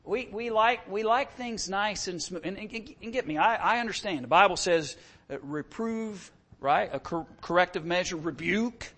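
A man's voice: sits high, normal speed, fairly bright tone. A middle-aged man preaching a sermon as pastor, impassioned and full of rhetorical questions.

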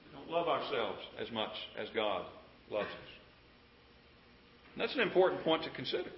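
A man's voice: medium pitch, big pitch swings, moderate pace, vocal fry, slight background noise. A man preaching a sermon in an earnest, pleading way, often asking his listeners questions. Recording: roomy, dull lo-fi sound.

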